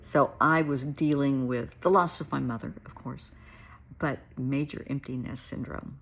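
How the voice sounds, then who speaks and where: A woman's voice: extremely low pitch, fairly even intonation, a little slow, creaky, husky. A middle-aged woman, a therapist, talking straight to her viewers in an earnest, emotional and caring way. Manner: warm, earnest, emotional, addresses viewers as sweetheart. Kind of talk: heartfelt direct-to-camera talk.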